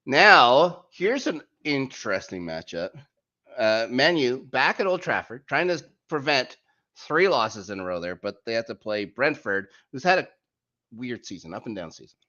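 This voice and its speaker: A man's voice: medium pitch, moderate pace. A man hosting a casual football podcast, joking and reading out the week's fixtures. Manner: lively, jokey, reads out fixtures. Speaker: podcast host. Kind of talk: casual sports chat. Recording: muffled lo-fi audio.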